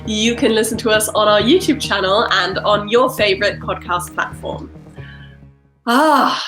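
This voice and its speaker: A woman's voice: medium pitch, a little slow, over music. Reflective woman podcast co-host. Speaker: singer-songwriter. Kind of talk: casual chat.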